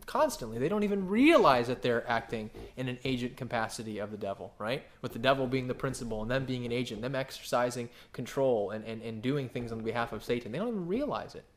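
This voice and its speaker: Animated man preaching a sermon. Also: fast talker, few pauses. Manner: animated, acts out quoted voices with big pitch jumps; asks the congregation questions and answers them. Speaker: pastor.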